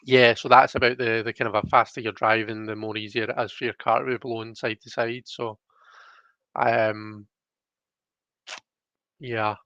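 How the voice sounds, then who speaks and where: A man's voice: mid-range voice, flat delivery, moderate pace, pauses often, pushed and bright, dry recording, lo-fi sound. A young Scottish man hosting a live stream, chatting casually and reading out viewer comments with lots of fillers. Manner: rambling, chatty, frequent fillers.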